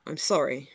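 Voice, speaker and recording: A woman's voice: fairly bright tone, slight background noise. A woman streamer playing a game, chatty and giggly, reading lines and joking with her co-host. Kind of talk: casual game-playing chat.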